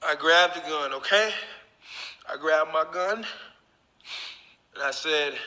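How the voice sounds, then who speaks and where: A man's voice: on the high side, takes it slowly, pauses often, bright, forceful tone, big-room sound, poor audio. A man who is a YouTuber, telling a story to camera in casual, profane talk and speaking straight to his viewers.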